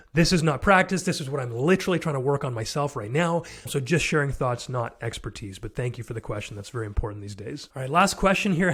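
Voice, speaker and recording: A man hosting a podcast, answering listener questions in an earnest, conversational way and thinking aloud as he goes. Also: fairly high pitch. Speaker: podcast host. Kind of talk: solo Q&A podcast.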